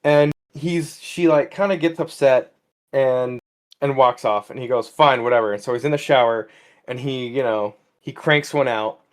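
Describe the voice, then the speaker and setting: A man's voice: medium pitch, moderate pace. A man co-hosting a loose comedy podcast, telling a story in a rambling way. He slips into the characters' voices for quoted lines. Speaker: podcast co-host. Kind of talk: casual comedic chat.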